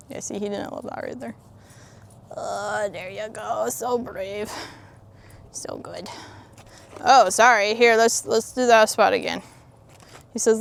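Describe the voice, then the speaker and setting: A woman's voice: mid-range voice, fairly even intonation, takes it slowly, creaky, long pauses. A woman horse trainer outdoors at a ranch, explaining a training demo and giving soothing, encouraging praise to a horse.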